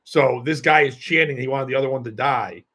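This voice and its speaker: A man's voice: mid-range voice, a little fast, a bit bright. A man hosting a podcast, telling a rambling story in casual chat, full of fillers and laughs. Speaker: podcast host and comedian.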